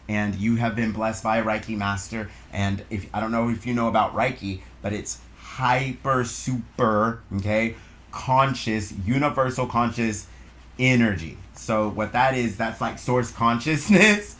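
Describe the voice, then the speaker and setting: A man hosting a spiritual card reading channel, speaking gently and affectionately in a loose, meandering way, with many fillers. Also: medium pitch. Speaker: channel host, tarot reader. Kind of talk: spiritual oracle reading, affirmations.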